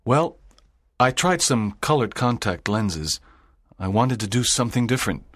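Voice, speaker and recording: An actor playing a sad, lonely, strict middle-aged teacher in an audiobook drama, speaking in a grave, measured way. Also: male voice, mid-range voice, lively intonation, a bit bright, dry recording, clean studio sound. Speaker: narrator's teacher.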